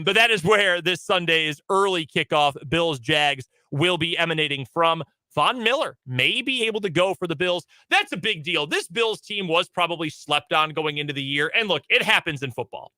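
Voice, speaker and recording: A man hosting sports radio, reading the headlines in a brisk, opinionated delivery. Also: high voice, sharp tone, no room sound, rough recording. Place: radio studio.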